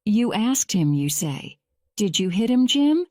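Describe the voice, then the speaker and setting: A woman voicing a calm male lawyer questioning a witness, read slowly and evenly. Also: mid-range voice, dry recording, studio quality. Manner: measured, slow graded-reader delivery.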